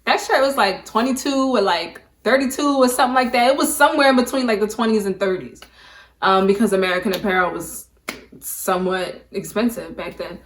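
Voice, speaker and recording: Young woman vlogging a storytime to her camera, emphatic, lots of "like", mid pitch. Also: brisk, a little hiss or hum. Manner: emphatic, peppers talk with "like". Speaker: beauty vlogger. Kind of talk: casual storytime monologue. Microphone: camera mic, talking to camera.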